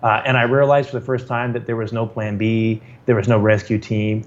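A man's voice: fairly low pitch, little pitch movement, brisk. A middle-aged man from California telling a personal story in a casual way, often repeating words and restarting sentences, with some self-deprecating humor. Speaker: guest telling his story. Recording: slightly dull, muffled recording.

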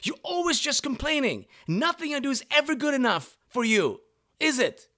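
An indignant husband fires back in a strained, high-pitched voice, as a man acts him out. He sounds aggrieved and defensive, pushing every line louder and higher than ordinary talk. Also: sing-song, normal speed, exaggerated voice.

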